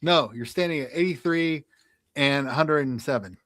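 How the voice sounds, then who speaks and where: A man co-hosting a radio show, chatting casually and running a quiz, animated and laughing as he tells stories. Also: fairly high pitch, normal speed, no echo.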